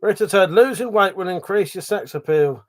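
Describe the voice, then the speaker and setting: A man's voice: high-pitched, expressive, normal speed. A middle-aged man hosting a casual livestream, reading chat messages aloud, swearing freely, laughing and mumbling asides. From Britain.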